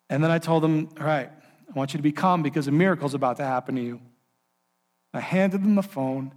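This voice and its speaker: A man preaching, telling a long story in an animated way and acting out the characters' lines. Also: fairly high pitch, brisk. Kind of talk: sermon storytelling.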